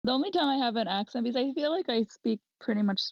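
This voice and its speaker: A woman's voice: fairly high pitch, expressive, quick pace, no room sound, highs cut off. A woman speaking standard American English, co-hosting a podcast and explaining herself in a thoughtful, rambling way. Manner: thoughtful, rambling with fillers and restarts. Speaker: podcast co-host. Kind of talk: casual chat.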